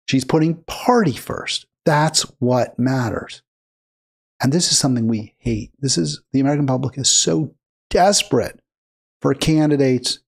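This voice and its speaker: A man's voice: medium pitch, gravelly, breathy edge. Indignant male political commentator. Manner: indignant, emphatic, rising to heated bursts. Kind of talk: reacting to clips with commentary.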